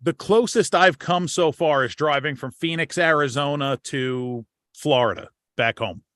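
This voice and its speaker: A slightly high-voiced American man hosts a relaxed conversation, circling back and repeating himself as he works toward a point. His voice sounds dry and close to the mic. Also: measured pace, no room sound. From United States. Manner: rambling, repeats words when starting. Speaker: podcast host. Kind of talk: casual chat.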